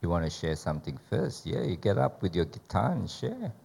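A very low-voiced man with a gravelly, fry-laden tone runs a church group gathering. He talks in a relaxed, casual way as he directs others. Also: brisk. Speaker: group leader.

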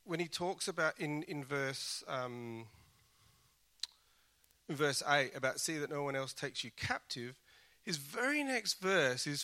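Male pastor preaching, bright forceful tone, earnest and chatty with frequent restarts. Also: on the high side, animated, a little slow. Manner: earnest, conversational with self-deprecating asides. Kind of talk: sermon.

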